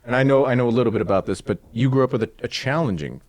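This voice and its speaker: A man's voice: medium pitch, darkish tone, no echo. A man hosting a casual interview, asking conversational questions that he works out as he goes. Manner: conversational, halting questions with restarts. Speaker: interview host.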